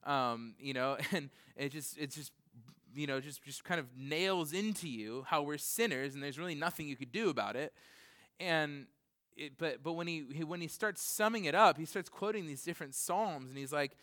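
A man's voice: mid-range voice, moderate pace, fairly bright tone. A man preaching a casual sermon to a congregation. He rambles with lots of "like" and "you know" and briefly acts out other voices. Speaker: pastor. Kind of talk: conversational sermon. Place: church, in front of a congregation. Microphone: recorded for CD and computer.

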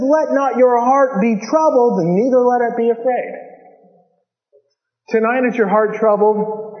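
A man preaching a sermon with fervent, animated delivery, swinging between loud stretches and hushed ones. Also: very high-pitched. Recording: echoey hall, dull lo-fi sound.

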